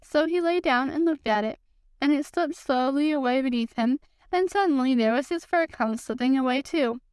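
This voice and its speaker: A woman hosting a podcast, reading a children's storybook aloud in a calm, measured way. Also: high-pitched, no room sound. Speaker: podcast host, reader.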